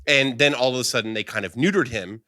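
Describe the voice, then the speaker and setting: A man's voice: mid-range voice, fast, no room sound, studio quality. A man co-hosting a wrestling podcast, chatting casually and swearing freely. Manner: swears a lot, animated, grossed out. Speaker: podcast co-host.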